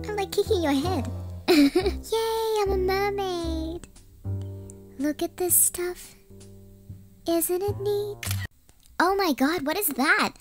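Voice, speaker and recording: A woman voicing a shrunken, tiny version of her game avatar, giggly and squealing with excitement. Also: very high-pitched, extremely slow, pauses often, soft background music, pitched above the performer's own voice, exaggerated voice. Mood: giddy. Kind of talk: game voice-over.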